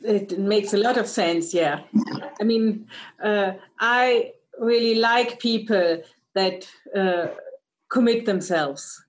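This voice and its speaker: A woman's voice: medium pitch, takes it slowly, poor audio. A woman in an interview, agreeable and a bit hesitant, with many short replies. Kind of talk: conversational interview.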